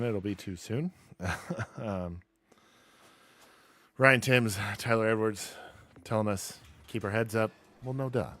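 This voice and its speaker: A man's voice: lowish voice, no room sound. A man streaming a dirt racing game, talking casually and wryly through results and car setup, mocking himself as he goes. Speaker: gaming streamer. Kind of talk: casual live gameplay commentary.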